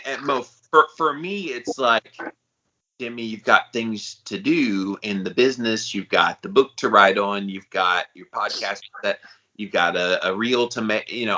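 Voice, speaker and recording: A man co-hosting a podcast, talking in a relaxed, candid, slangy way in casual chat. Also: fairly low pitch, lo-fi sound. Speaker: podcast co-host.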